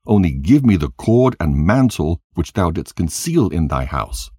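A man's voice: low-pitched, sing-song, unhurried, mellow, husky, no echo, studio quality, full character voice. A man doing an aggrieved, pleading traveller. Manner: pleading, protesting. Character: cheated male traveller, aggrieved.

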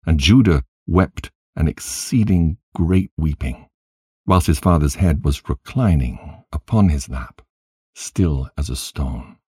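A man reads scripture aloud in a solemn, measured way. His voice is deep and mellow with a husky edge, the pace unhurried, and the recording is dry and close. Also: expressive, dry recording. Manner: solemn, measured reading in archaic wording. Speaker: narrator.

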